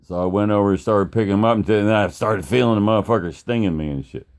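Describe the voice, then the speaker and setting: A man's voice: lowish voice, fast talker, a little mellow, clear, resonant tone. A man telling a story casually, rambling and swearing, with plenty of fillers. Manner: rambling and profane, with many fillers and acted-out quotes.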